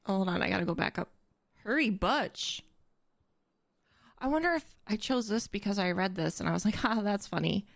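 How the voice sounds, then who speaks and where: A woman streamer talking in character in a roleplay game, incredulous and quick to laugh. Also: mid-range voice, creaky, no room sound. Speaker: roleplay streamer playing a medic.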